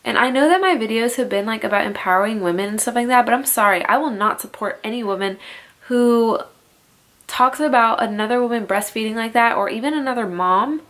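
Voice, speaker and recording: A woman's voice: a little high, a little fast, a bit bright. A young woman vlogging a heated, profane rant straight to her camera at home, full of "like" fillers. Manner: heated, swearing, filler-heavy "like".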